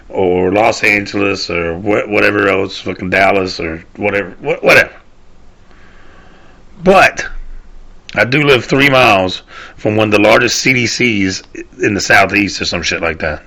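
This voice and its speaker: A man's voice: on the low side, moderate pace, sharp tone. A man, ranting loosely on his own show, rambling and swearing, often trailing off and restarting. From Southern United States. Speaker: podcast host. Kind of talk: casual solo rant.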